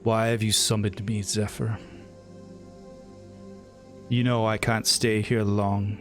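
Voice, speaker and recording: A man voicing a grim, haughty ancient djinni lord who speaks slowly and with scorn. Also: lowish voice, flat delivery, faint music behind. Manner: slow, scornful and lordly.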